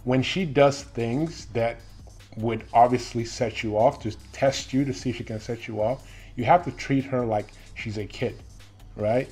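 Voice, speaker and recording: A man's voice: mid-range voice, measured pace, darkish tone, husky. A man with a mid-range voice delivers a firm, instructive advice monologue straight to the camera. He keeps checking in with short tags like "okay?" and "right?". Faint music plays behind him. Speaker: dating advice vlogger.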